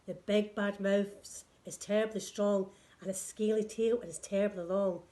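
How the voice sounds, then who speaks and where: A woman doing a big gruffalo dad. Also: mid-range voice, fairly even intonation, unhurried, warm tone, close to an everyday voice.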